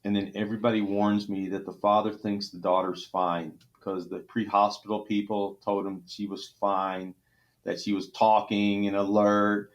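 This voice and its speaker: A middle-aged man with a Texan accent and a lowish voice recounts hard cases from his work as a surgeon. He speaks earnestly, with emotion in his voice and frequent restarts. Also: flat delivery, moderate pace, muffled recording. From Texas. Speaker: trauma surgeon. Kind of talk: podcast interview storytelling.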